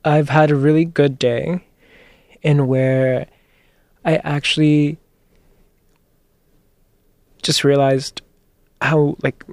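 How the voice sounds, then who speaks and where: A man's voice: fairly high pitch, little pitch movement, very slow, long pauses, a little mellow, dry recording. A young man filling in as a college radio host, out of breath, chatty and rambling, laughing often. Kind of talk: casual radio chat. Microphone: studio microphone with headphones.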